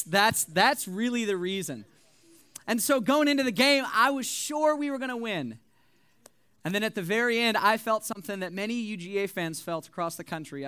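Young male youth pastor, animated and joking, high bright voice, dry close sound. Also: clear, resonant tone, no room sound. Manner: animated, joking, conversational preaching. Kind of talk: sermon.

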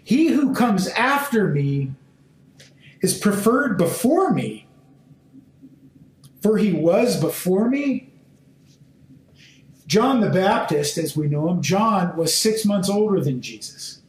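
A man teaching a sermon and reading scripture aloud, speaking in short, deliberate phrases and pressing his listeners with emphatic questions. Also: high-pitched, sing-song. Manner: slow, deliberate phrasing in short measured fragments. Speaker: Bible teacher. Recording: roomy echo.

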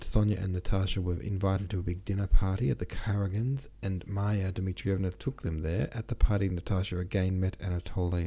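A man narrating a classic novel as an audiobook, reading steadily and dropping low on dialogue tags. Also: dark tone.

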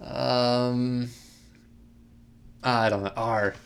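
A man's voice: medium pitch, fairly even intonation, very slow, vocal fry, clear, resonant tone. A young man co-hosting a casual podcast, easygoing, giving short replies and dry quips. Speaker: podcast co-host.

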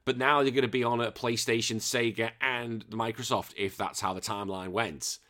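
A man, hosting a podcast in casual chat, rambling and excitable and swearing freely. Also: mid-range voice, moderate pace. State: recovering from illness. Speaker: podcast host.

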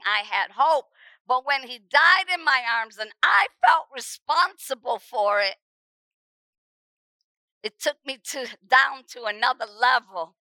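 A middle-aged woman preacher telling her testimony with emphasis, often repeating words and rising to shouts at the dramatic moments. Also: high-pitched, no room sound, low-quality recording. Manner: repeats words when stirred. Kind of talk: testimony sermon.

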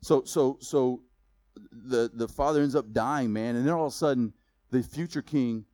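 A man preaching a sermon, telling a story in a lively, casual way with slang. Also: medium pitch, moderate pace, no echo. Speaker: pastor.

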